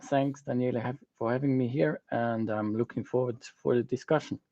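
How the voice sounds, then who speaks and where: Mellow man over lo-fi call audio. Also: medium pitch, fairly even intonation, brisk. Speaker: guest lecturer. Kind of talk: brief greeting on a video call.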